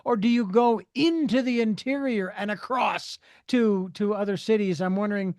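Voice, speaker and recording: A man's voice: high voice, normal speed, a little mellow, no room sound, studio quality. A man in his sixties from Phoenix, Arizona, hosting an interview show, rambling and hesitant with many fillers. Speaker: radio show host.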